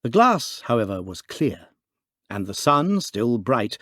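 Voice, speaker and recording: A man narrating a classic mystery audiobook in an expressive, theatrical reading style. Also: medium pitch, slow pace, no echo, clean studio sound.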